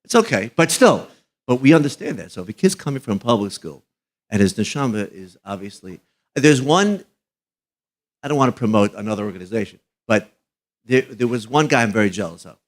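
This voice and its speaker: A middle-aged man, a rabbi, telling emphatic stories as a guest at a live fundraiser, his voice dropping low on the sad moments. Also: animated, fairly quick. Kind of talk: live fundraiser broadcast chat.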